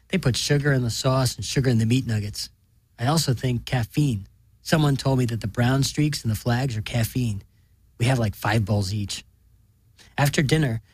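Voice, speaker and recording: A man reading a story aloud in a deadpan, matter-of-fact way. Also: mid-range voice, breathy edge, no room sound. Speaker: narrator.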